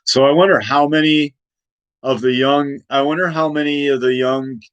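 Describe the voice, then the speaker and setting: A man's voice: medium pitch, steady tone, normal speed, clear, resonant tone, dry recording. A man hosting a casual political rant in a rambling way, with many restarts and laughs at his own points. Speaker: host.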